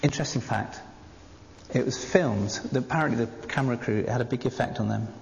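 A man's voice: medium pitch, fairly quick, creaky. A man preaching a sermon in a church, earnest and exhorting his congregation. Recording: reverberant church hall, dull faint hiss.

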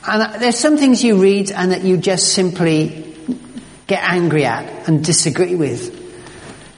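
A pastor delivers a sermon with emphatic, animated energy, tripping over and repeating words as he presses his point. His voice rings out with a long reverb trailing through the church. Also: high voice, slow, vocal fry.

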